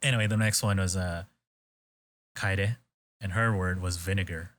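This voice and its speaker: Low-voiced man retelling a show loosely. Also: fairly even intonation, normal speed, fairly bright tone, slight background noise. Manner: rambling retelling with quoted voices and swearing. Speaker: podcast host. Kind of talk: casual chat.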